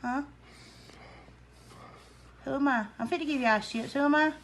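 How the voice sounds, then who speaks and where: A woman, softly coaxing her son to speak at his hospital bedside. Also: high-pitched, moderate pace. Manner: soft, coaxing, repeats questions. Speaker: mother caring for her son. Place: hospital room.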